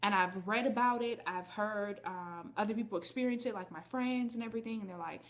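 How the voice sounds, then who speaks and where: A woman's voice: medium pitch, a little fast. A woman vlogger telling a personal story to her viewers in a candid, chatty way. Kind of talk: casual storytelling to camera.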